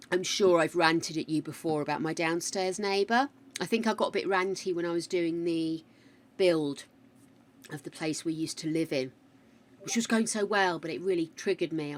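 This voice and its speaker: A British woman streaming a game, rambling chattily through a story and answering her chat. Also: low voice. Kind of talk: casual chat while gaming.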